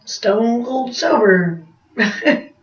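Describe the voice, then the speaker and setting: A woman's voice: a little high, lively intonation, drawn-out words. A woman vlogger telling a rambling confessional story in a chatty way, laughing at herself. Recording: roomy, distant, slightly dull sound.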